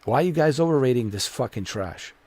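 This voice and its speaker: Exasperated and swearing, a male streamer gives a gameplay rant, circling back to the same complaints over and over. He talks briskly in a medium-pitched, lively, slightly mellow voice, with no room sound.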